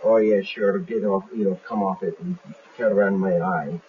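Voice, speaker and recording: Man voicing dim Irish desert brigands, slow, dull-witted, muffled old tape. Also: sits low, steady tone, distant mic, lightly acted. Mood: dismissive. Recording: muffled, slightly hissy archive tape.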